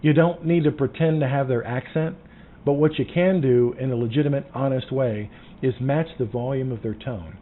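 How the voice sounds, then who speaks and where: A man from the Southern United States coaching insurance agents on phone sales, emphatic and sometimes dropping to a hushed tone. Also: normal speed, faint music behind. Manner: emphatic, drops to a low hush for key points. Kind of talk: casual teaching monologue. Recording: tinny phone-like sound with faint noise.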